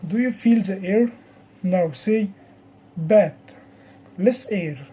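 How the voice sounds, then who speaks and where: Teacher, pronunciation drills, slow and careful delivery, warm dark tone. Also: mid-range voice, lively intonation, a little hiss or hum, poor audio. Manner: slow, deliberate, over-articulates example words. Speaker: English teacher. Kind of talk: pronunciation lesson with repeat-after-me drills.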